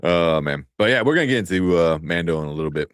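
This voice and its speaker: Animated man telling stories. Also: fast talker, clear, resonant tone, no room sound, studio quality. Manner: animated storytelling, acting out quotes in a high voice. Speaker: co-host of a movie news stream. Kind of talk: casual chat.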